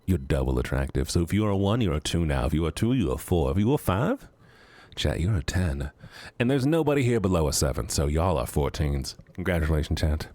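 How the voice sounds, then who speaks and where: A young man with a very deep voice that swings widely in pitch, chatting playfully and rambling to his stream viewers. He holds the microphone in his hand, and the sound is close and dry. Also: animated, brisk, warm tone, no room sound. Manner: playful, rambling, teasing chat. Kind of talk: casual chat with viewers. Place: home streaming setup. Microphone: handheld studio microphone.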